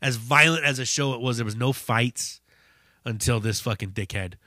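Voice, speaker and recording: A man hosting a podcast, telling a story in a casual, profane, animated way. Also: medium pitch, moderate pace, no echo, studio quality. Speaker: podcast host.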